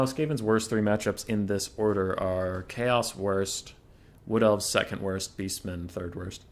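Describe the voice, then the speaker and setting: A young man streaming a competitive strategy game, chatting casually about matchups and breaking into mock-furious rants. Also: fairly low pitch. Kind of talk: casual live-stream commentary.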